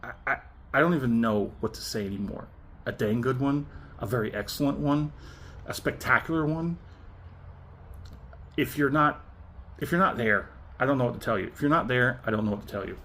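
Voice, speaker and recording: A man with a mid-pitched voice hosts his own whiskey review in a casual, talkative way. He sounds animated and often breaks into laughter between thoughts. Faint ambient noise sits behind him. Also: fairly quick, long pauses. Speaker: whiskey reviewer and channel host.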